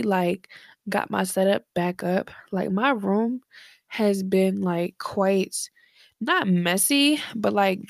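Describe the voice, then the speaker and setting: With vocal fry in her medium-pitched voice, a young woman podcasts from her bedroom late at night, sounding tired and slightly breathless. She chats in a loose, rambling, slangy way full of fillers, using headphones and a desk mic, and the recording is dry and studio-clean.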